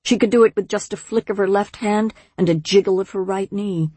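A woman reads a storybook aloud in a slow, measured way. Her voice is mellow and a bit husky, and the recording is dry and close. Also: medium pitch, fairly even intonation, no echo. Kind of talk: storybook reading.

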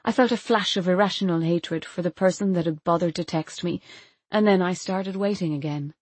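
A woman narrates a first-person novel in a quiet, measured, intimate voice. Her voice sits fairly low, and the recording is close and dry, with no room echo. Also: husky. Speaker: audiobook narrator.

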